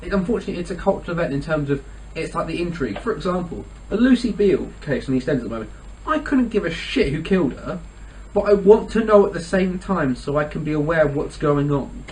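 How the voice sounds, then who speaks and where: Young male podcast co-host, fast and fairly high-voiced, rambling and laughing, distant mic with faint room noise. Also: lively intonation, darkish tone. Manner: rambling, heavy use of "like", laughs often. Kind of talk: casual chat.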